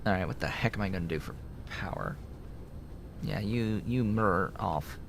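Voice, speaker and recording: A man's voice: normal speed, vocal fry, noisy background. A man chatting casually as he streams a game, rambling and thinking aloud. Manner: rambling, talks to his cat in a high baby voice. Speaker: gameplay streamer. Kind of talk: casual gameplay commentary. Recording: faint music behind.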